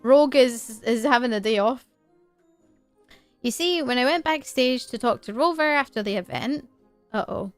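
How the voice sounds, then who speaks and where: A woman's voice: a little high, moderate pace, long pauses, no room sound, soft background music. A woman streamer reading a visual novel aloud on a livestream, playful and giggly, with rambling asides.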